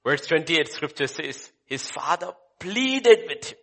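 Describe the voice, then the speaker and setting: A male pastor preaching emphatically, swinging between loud exclamations and hushed asides. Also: a little high, sing-song, a little slow, gravelly, hardly any pauses. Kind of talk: sermon.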